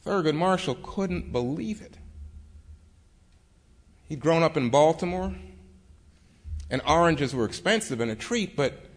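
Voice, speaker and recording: Guy telling a story on stage, kinda high voice, vivid and dramatic. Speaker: speaker. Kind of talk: storytelling talk.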